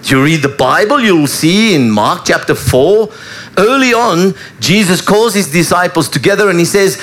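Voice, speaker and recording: A male pastor preaches to his congregation and tells the story with animated flair. His voice sits high for a man, and his pitch leaps up and down as he speaks. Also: moderate pace. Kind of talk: sermon.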